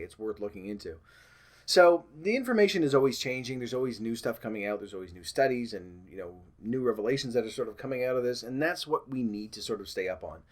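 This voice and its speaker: A man talking casually to the camera in a vlog, rambling with frequent ums and restarts, and putting on mock-panicked voices when he quotes alarmists. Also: mid-range voice. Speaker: vlogger.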